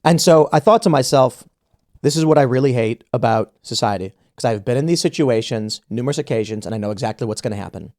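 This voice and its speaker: A man of average pitch hosting a podcast and telling a story in casual conversation. He acts out what others said to him and often restarts his sentences as he goes. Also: fast talker. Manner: animated storyteller acting out quoted exchanges, frequent restarts. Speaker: podcast host.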